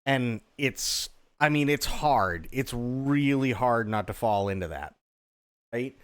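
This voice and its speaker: A man's voice: mid-range voice, expressive, slow, clear, resonant tone. Male streamer, casual chat, rambling, restarts and repeats, swears offhand, mid-range voice. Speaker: livestreamer.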